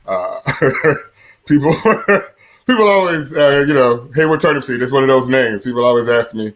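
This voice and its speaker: Middle-aged male stand-up comic, deep voice, chuckles at his own punchlines, lots of "uh". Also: animated, moderate pace, a bit bright. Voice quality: deep voice, often compared to Mufasa. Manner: chuckles at his own jokes, many "uh" fillers. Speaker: stand-up comedian. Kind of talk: stand-up comedy set. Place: seated in a room at home.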